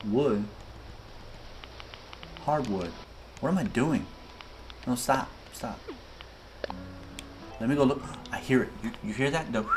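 A man hosting a gaming video, giving excitable, slangy let's-play commentary straight to his viewers. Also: medium pitch. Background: game music.

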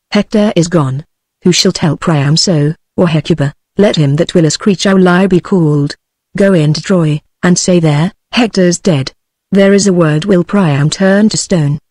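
Vengeful young trojan prince in a stage play, synthetic british woman reading him, even, dry. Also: lowish voice, no room sound. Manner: flat synthetic delivery.

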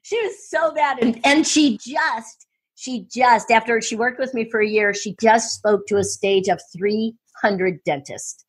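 A woman speaking coach telling stories in an interview, excitable and full of quick restarts and asides. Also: on the high side, breathy edge. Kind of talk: enthusiastic interview storytelling.

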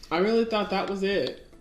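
A woman's voice: mid-range voice, darkish tone, a little hiss or hum. A woman casually commenting on her gameplay and talking to her characters. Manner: chatty, talks to her game characters. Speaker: let's-play gamer. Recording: echoey room with faint music.

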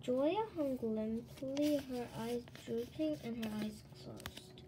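A woman reading a children's chapter book aloud in an expressive, animated way. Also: on the high side, slow, background noise. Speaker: storybook reader.

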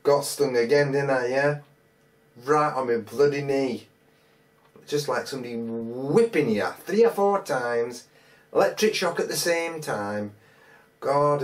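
An English metal detecting vlogger tells a casual, rambling anecdote, his mid-range voice picked up by a distant mic. His speech is full of colloquial phrases and hesitant restarts.

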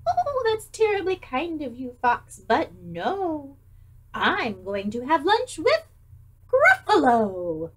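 A woman's voice: sits high, huge pitch swings, slow, a bit bright, pitched above the performer's own voice, heavily acted. A woman voicing a clever little brown mouse in a children's story, polite and mock-grand.

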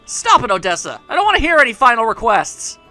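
A man voicing a loyal male soldier from a game, urgent and pleading with raised pitch. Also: huge pitch swings, fast talker, pushed and bright, soft background music, exaggerated voice. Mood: anguished.

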